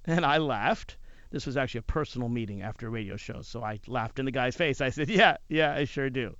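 A man who hosts talk radio, telling a personal story in an animated way. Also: fairly high pitch, normal speed, clean tone, no room sound, lo-fi sound. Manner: animated, acts out other people's lines.

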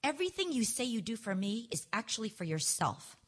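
A woman voicing a defiant, sharp-tongued teenage girl in a live book reading, husky and spitting out bitter retorts. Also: a little high, sing-song, fairly quick, heavily acted. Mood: bitter, furious.

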